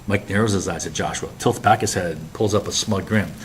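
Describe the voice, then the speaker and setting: A man narrating an audiobook in a plain, even storytelling manner. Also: sits low, fairly quick, slight background noise. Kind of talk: scripted narration.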